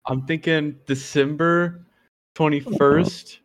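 A man's voice: on the high side, fairly even intonation, takes it slowly. A young man co-hosting a podcast, talking about his travel plans in a laid-back way and dodging questions. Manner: laid-back, hedging answers. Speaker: podcast co-host. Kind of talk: casual chat among friends.

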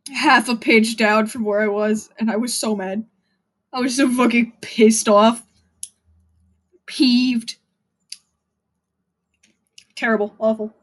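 A young woman rambles through her own solo podcast, swearing freely and mocking herself. Her voice sits high and her delivery drags along at a slow pace. Now and then she breaks into a shrill, half-laughing shout. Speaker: podcast host. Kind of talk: casual solo podcast rant.

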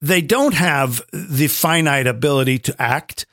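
A man's voice: on the high side, a little slow, a bit bright, dry recording, clean studio sound. A middle-aged man, a veteran advertising voice actor, talking emphatically as a guest, with frequent restarts. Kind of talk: opinionated conversation.

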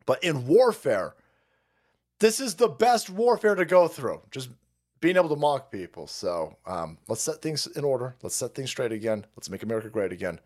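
A man's voice: on the high side, sing-song, normal speed, a little mellow. A man hosting a livestream, ranting in a crude, mocking way and often laughing. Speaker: streamer host.

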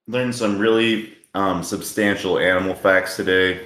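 A man's voice: sits low, steady tone, measured pace, a bit bright, roomy sound. A man in his twenties co-hosting a podcast, bantering crudely and laughing often. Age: 20s. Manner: laid-back, laughs often. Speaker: podcast co-host.

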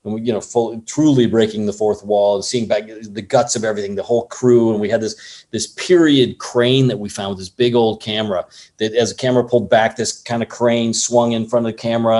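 A man who works as an assistant director, telling a lively story in an interview and acting out other people's lines along the way. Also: on the low side. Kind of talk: casual anecdote in an interview.

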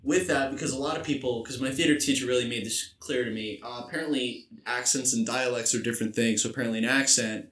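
A man's voice: medium pitch, steady tone, quick pace, few pauses, fairly bright tone, reverberant, recorded from a distance. A young man co-hosting a casual podcast from a garage, joking, crude and laughing often. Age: young adult. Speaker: podcast co-host.

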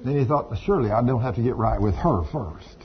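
A man's voice: medium pitch, expressive, a little fast. A man preaching a sermon, folksy and storytelling, with asides to the congregation. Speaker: pastor. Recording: dull lo-fi sound with faint ambience.

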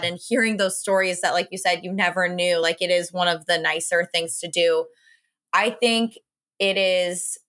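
A woman's voice: on the low side, pushed and bright. A woman co-hosting a podcast, speaking earnestly and supportively and making her points in order. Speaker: podcast co-host. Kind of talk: casual podcast conversation.

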